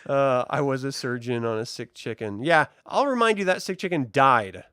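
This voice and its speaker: A woman's voice: extremely low pitch, moderate pace, no echo, clean studio sound. A woman co-hosting a casual TV review chat, retelling scenes with a lot of swearing and laughter. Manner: profane, laughing, animated retelling. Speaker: co-host reviewing a TV episode.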